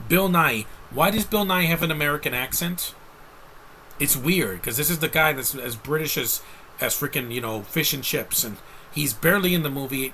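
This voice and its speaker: Bright-voiced man ranting about a movie. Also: mid-range voice, slight background noise, poor audio. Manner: rambling, restarts, blunt and exasperated. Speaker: movie reviewer. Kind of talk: casual movie rant.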